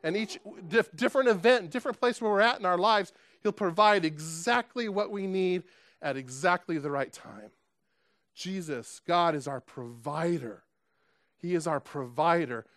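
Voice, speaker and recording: A man's voice: high voice, normal speed, a bit bright, dry recording, studio quality. A man preaching a sermon in an earnest, emphatic way, asking his listeners rhetorical questions. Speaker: pastor.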